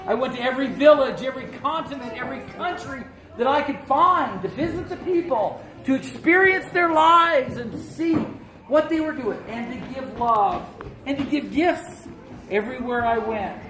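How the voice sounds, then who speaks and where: A woman telling a story live in the first person and in character, animated and playful, voicing the other people in her tale. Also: sits high, moderate pace, soft background music. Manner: animated, playful, with voiced-out dialogue. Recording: echoey room with a live audience.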